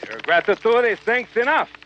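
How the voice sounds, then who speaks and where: A man's voice: extremely high pitch, lively intonation, moderate pace. An actor playing a proud, theatrical masked swordsman hero in a film clip. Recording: dull film audio with music.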